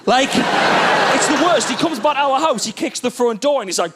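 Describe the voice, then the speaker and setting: A man's voice: very high voice, expressive, fairly quick, background noise. A man, doing a stand-up set in an exasperated, ranting manner. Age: 30s. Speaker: stand-up comedian.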